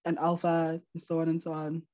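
A woman's voice: low voice, monotone, brisk, dark tone, highs cut off. A young woman student calling in to a live class, polite and eager, addressing the teacher as ma'am. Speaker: student caller.

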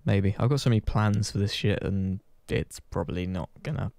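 A gaming channel host chats casually to camera, rambling, putting himself down, and swearing offhandedly to his viewers. His lowish voice has vocal fry and a darkish tone at a moderate pace, with no room sound.

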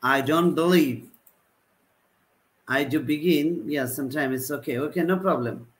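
A man teaching a live online class, repeating example sentences with a halting delivery. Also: fairly high pitch, poor audio. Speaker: English teacher.

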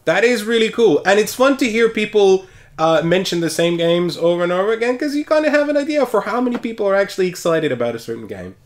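A man's voice: high-pitched, very animated, quick pace, slight background noise. A man co-hosting a board game podcast, explaining games in casual chat. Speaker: podcast co-host.

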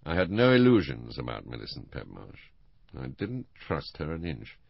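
A man narrating an audiobook in the first person, measured and steady. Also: very deep voice, gravelly, dry recording, dull audio.

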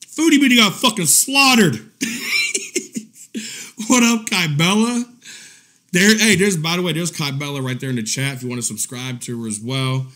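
Animated mocking man ranting on stream. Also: a little high, normal speed, long pauses. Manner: mocking, laughs often, heavy swearing. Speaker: drama commentary streamer. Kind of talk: profane livestream rant.

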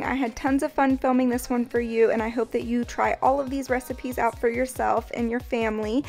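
A woman talking viewers through a recipe step by step in her home kitchen, in a casual, chatty way. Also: high-pitched. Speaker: cooking vlogger. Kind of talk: casual cook-along narration.

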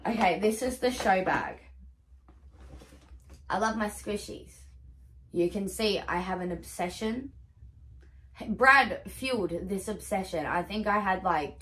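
A woman's voice: fairly low pitch, measured pace, long pauses, a bit bright. A young woman chatting casually in a haul vlog, gushing and swearing freely as she shows off her gifts. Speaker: vlogger.

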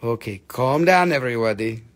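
A man's voice: mid-range voice, animated, moderate pace. A man hosting a live online sale of crystals, joking, swearing and bantering with viewers as he prices each stone. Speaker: live-stream seller of crystals and minerals. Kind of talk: live online sales stream.

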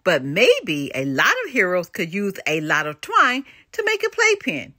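Lady reading as a no-nonsense princess hero, bright lively voice, dry sound. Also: on the low side, measured pace, dry recording, pitched below the performer's own voice, full character voice. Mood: determined. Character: Princess in Black, brisk young heroine.

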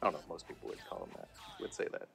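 A man's voice: rapid-fire, a bit bright, faint music behind. A middle-aged man, a voice actor, chatting animatedly in an interview and laughing often. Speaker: voice actor guest. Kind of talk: casual interview.

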